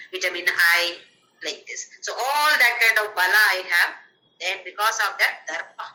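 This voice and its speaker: A woman's voice: mid-range voice, bright, forceful tone, echoey room, slight background noise, poor audio. A woman with an Indian English accent, explaining scripture in an earnest, emphatic teaching talk. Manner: earnest, emphatic, chants verses in a sung tone. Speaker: spiritual teacher.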